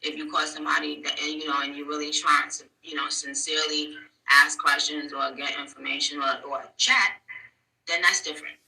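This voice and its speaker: A woman's voice: sits low, level tone, fairly quick, gravelly, sharp tone, far from the mic. A woman hosting a casual live stream, talking candidly and rambling a little as she addresses her viewers. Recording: roomy echo, away from mic.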